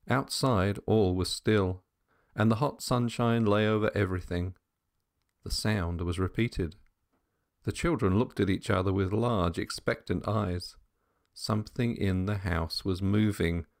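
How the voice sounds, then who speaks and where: A man reading an audiobook in a measured storytelling manner. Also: fairly low pitch, gravelly. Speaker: audiobook narrator. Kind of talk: scripted narration.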